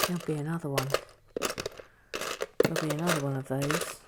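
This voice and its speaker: Woman, lowish voice, chatty, self-mocking, drifts into whispers. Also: fairly quick, long pauses, heavy background noise. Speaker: Lego building vlogger. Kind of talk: casual chat while building, reading viewer comments.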